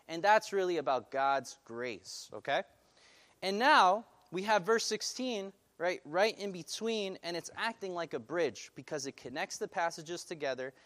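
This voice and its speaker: A male pastor preaching a sermon, animated and putting questions to his congregation. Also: a little high.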